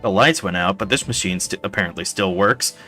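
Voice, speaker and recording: A man's voice: deep voice, brisk, bright, forceful tone, soft background music. A man streaming a game, playfully reading its dialogue aloud with jokey asides. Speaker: let's play streamer.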